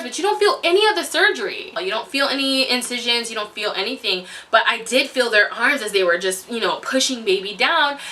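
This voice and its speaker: A young woman casually telling a personal story to camera, animated and quick to laugh, acting out the voices of people she quotes. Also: distant mic. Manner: animated, acts out quotes with big pitch swings, laughs often. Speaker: vlogger.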